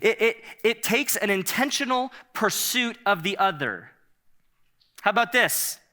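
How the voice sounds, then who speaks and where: Man, pastor, sermon, bright voice, slightly high, chatty and animated, laughs a lot. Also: a little slow. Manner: conversational, animated, laughs often, repeats himself.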